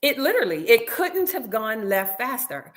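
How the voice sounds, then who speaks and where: A woman's voice: a little high, big pitch swings, normal speed. A woman guest in a casual interview, telling a story with animation and acting out what others said. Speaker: reality show cast member guest. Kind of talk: casual interview, recounting events.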